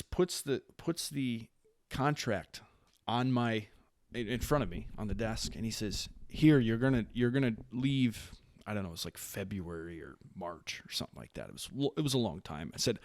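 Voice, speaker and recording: In a casual storytelling interview, a podcast guest who is a Marine staff sergeant, late thirties and originally from Wisconsin, speaks at normal speed in a lowish voice. Relaxed and animated, he frequently restarts his sentences and does the voices of the people he quotes. The sound is dry and close with no room sound.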